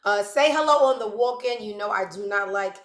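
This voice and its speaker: Speaking a bit quickly in a medium-pitched voice, a West Indian woman hosts a gossip talk show. She's brash and sassy, peppering her casual commentary with joking asides, and the room she's in is echoey.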